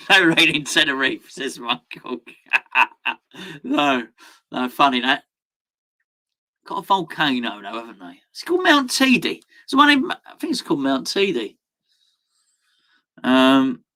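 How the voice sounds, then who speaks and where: A man hosts a live football watchalong, casually chatting with viewers, reading their messages aloud, laughing often, and breaking into sudden outbursts. His voice is medium in pitch, bright, and forceful.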